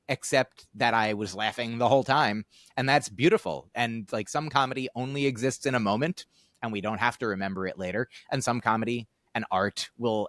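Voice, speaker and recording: A man's voice: mid-range voice, a bit bright, dry recording, studio quality. A man hosting a podcast, talking in a casual, thoughtful, rambling way with many fillers and restarts. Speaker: podcast host. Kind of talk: casual conversational podcast chat.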